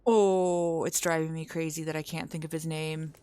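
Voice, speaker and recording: A woman's voice: sits low, level tone, moderate pace, dark tone, clear, resonant tone. A young woman streamer chatting casually with viewers, rambling, breaking off mid-sentence and starting again. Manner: rambling, self-interrupting, trails off mid-sentence.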